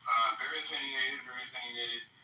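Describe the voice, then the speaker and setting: A man hosting a casual call-in podcast, stammering a little and briskly moving callers along. He sounds distant and echoey with faint hiss. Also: medium pitch, steady tone, sharp tone. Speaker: podcast host.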